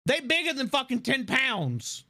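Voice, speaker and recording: A man's voice: extremely high pitch, a little slow. A man streaming live, chatting casually and animatedly with lots of swearing and laughter. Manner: animated, profane, laughing often.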